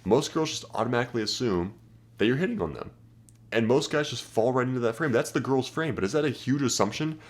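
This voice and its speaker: A man's voice: medium pitch, lively intonation, fast. A young man giving brash, profane dating advice, acting out pickup lines in a casual monologue. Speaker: dating coach.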